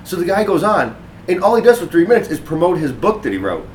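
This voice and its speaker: A man's voice: high voice, very animated, quick pace, far from the mic, a little hiss or hum, poor audio. Profane rambling male podcast host. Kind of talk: crude casual chat.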